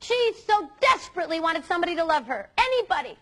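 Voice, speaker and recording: A youth speaker with a high voice gives an earnest, fast talk to a room of students. Her delivery is lively and animated, and she speaks emphatically, leaning hard on key words.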